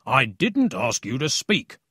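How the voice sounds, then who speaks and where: A man's voice: medium pitch, huge pitch swings, slow pace, sharp tone, slightly rough, no room sound, studio quality, heavily acted. A man voicing a strict police chief who speaks in curt, commanding bursts. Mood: stern.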